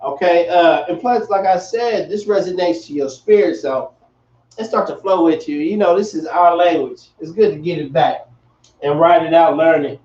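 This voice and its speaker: A man teaching a class in a relaxed, slangy way, repeating himself as he explains. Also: fairly high pitch, normal speed. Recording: echoey, distant, dull room sound.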